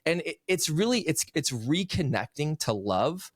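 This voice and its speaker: A man's voice: on the high side, big pitch swings, moderate pace, husky, no room sound, studio quality. A man in his thirties, a podcast guest and author, earnestly telling a personal story in casual conversation. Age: 30s.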